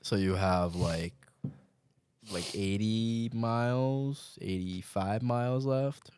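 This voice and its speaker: A man's voice: on the low side, takes it slowly, a little mellow, clean tone, dry recording, studio quality. A young man hosting a casual podcast chat, asking short questions and murmuring agreement. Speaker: podcast host.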